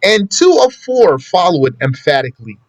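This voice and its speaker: A man's voice: sits high, sing-song, normal speed, dry recording. A man teaching a classroom lesson on prayer, explaining step by step and reciting Arabic quotations before translating them. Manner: plain conversational teaching with asides to students. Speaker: Islamic studies teacher. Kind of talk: classroom lesson on a law text.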